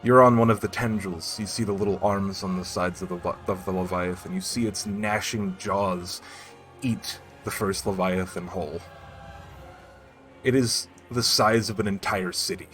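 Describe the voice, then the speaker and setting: A man running a tabletop game as game master, narrating scenes in an unhurried, descriptive way. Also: low-pitched, steady tone, fairly bright tone. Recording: faint background music.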